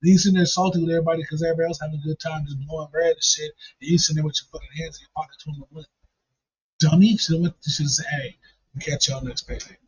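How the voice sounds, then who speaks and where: Man, husky voice, slightly high, rambling profane banter, dull lo-fi recording. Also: little pitch movement, racing, a little mellow. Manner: rambling, repeats himself. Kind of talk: casual profane chat.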